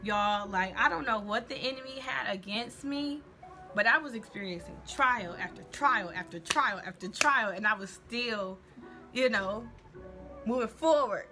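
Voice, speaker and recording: A woman's voice: a little high, a little slow. A young woman tells a personal story in a candid, slangy, faith-centered vlog. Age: young adult. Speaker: vlogger. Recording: music playing underneath.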